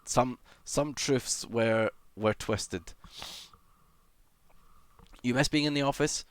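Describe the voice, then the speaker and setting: A young adult man livestreams, chatting casually and rambling with self-deprecating remarks, swearing a lot, and humming idly between thoughts. His voice is mid-range and clean-toned, and he speaks slowly.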